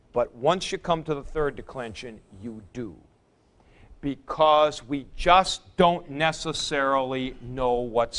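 A man's voice: mid-range voice, a bit bright. A middle-aged man teaching a Greek grammar class, explaining patiently in a classroom. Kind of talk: classroom lecture.

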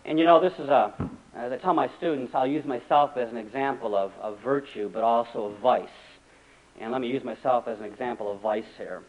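A man preaching a sermon as a pastor, animated and acting out the voices he quotes. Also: on the high side. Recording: dull lo-fi recording.

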